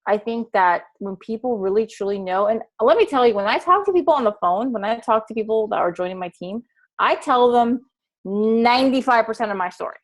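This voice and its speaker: A woman's voice: a little high, fairly quick. A woman in her forties who leads a team, talking earnestly on a casual group video call. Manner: earnest, storytelling. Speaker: team leader.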